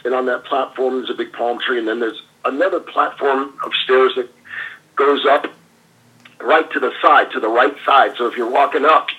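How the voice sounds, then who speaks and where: A man's voice: mid-range voice, steady tone, normal speed, sharp tone, breathy edge, muffled recording. An older man, a former pro wrestler, animatedly telling anecdotes in a casual interview with laughs and fillers.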